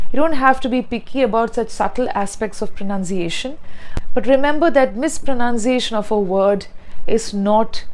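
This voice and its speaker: A woman teaching pronunciation, speaking slowly and deliberately and repeating words to demonstrate sounds. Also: on the high side, darkish tone, rough recording. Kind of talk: pronunciation lesson.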